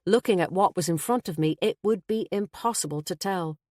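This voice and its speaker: A woman with a fairly low voice reads a first-person mystery in a steady, measured way. The sound is dry and close, with no room around it. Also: no echo. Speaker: audiobook narrator.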